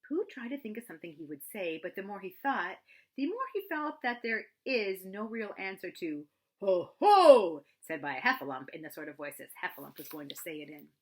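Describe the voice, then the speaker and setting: A woman storyteller reading a children's book aloud in an expressive, animated way. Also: lowish voice, a little fast.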